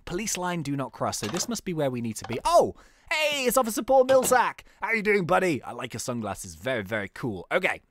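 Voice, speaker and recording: A man's voice: huge pitch swings, a little fast, a bit bright, a little hiss or hum. A young man giving jokey, playful commentary while playing a game. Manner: playful, jokey, laughs at own jokes, wildly swinging pitch. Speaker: gaming YouTuber. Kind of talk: casual gameplay commentary.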